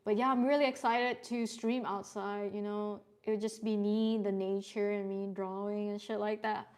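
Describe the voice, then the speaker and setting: A woman's voice: mid-range voice, flat delivery, normal speed, darkish tone, clean tone. A young woman streaming from home, chatting casually with viewers as she draws, often laughing and swearing. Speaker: artist streamer. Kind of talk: casual live-stream chat while drawing.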